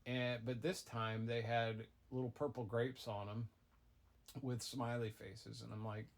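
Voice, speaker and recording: A middle-aged man, a father improvising a goofy tall tale for his child, rambling with deadpan asides. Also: medium pitch, unhurried, creaky. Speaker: father telling a bedtime-style story.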